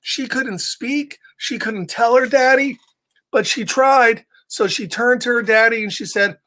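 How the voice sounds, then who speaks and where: A man reading a picture book aloud to young children, with animated, chatty asides to his listeners. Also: extremely high pitch, a little slow. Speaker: storytime reader for children.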